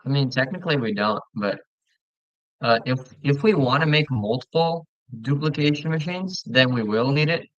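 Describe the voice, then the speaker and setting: A man talks casually with a friend over a game, relaxed and chatty, tripping over his words and starting again. His voice sits at an ordinary middle pitch. The sound is dry and close but a little dull, as if from a basic mic. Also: moderate pace, no room sound. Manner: relaxed, chatty, stumbles and restarts often. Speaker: gamer playing with a friend. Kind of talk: casual gaming chat.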